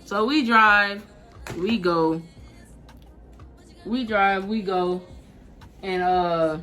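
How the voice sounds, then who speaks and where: A 19-year-old woman vlogger telling a casual, slangy storytime, animated and laughing as she goes. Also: medium pitch, extremely slow, faint music behind.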